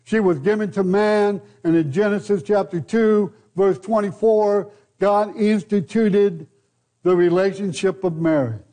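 An older American man preaching a sermon, slow and deliberate, with rhetorical questions and repeated phrases. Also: high voice, mellow. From United States.

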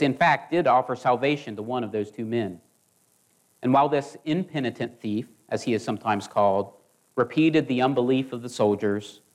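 A man delivering a sermon at an even, deliberate pace, his voice sitting in an ordinary middle pitch. He speaks earnestly and steadily, sometimes catching himself and restarting a word. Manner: measured, earnest preaching with occasional restarts. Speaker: preacher.

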